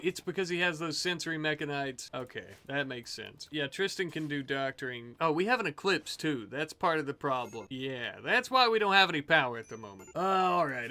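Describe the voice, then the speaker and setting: A man giving casual let's-play commentary, reacting loudly to the game and cursing at enemies. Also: fairly high pitch. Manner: animated, swears and yells at the game. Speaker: gaming YouTuber.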